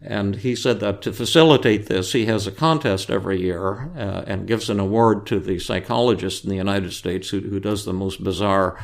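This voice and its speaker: A male psychiatrist hosting a podcast tells an anecdote in a relaxed, halting way, full of fillers and restarts. His voice sits low and has a gravelly fry to it. He lifts his voice to act out the people he quotes. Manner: acts out quoted voices louder. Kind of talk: casual anecdotal storytelling.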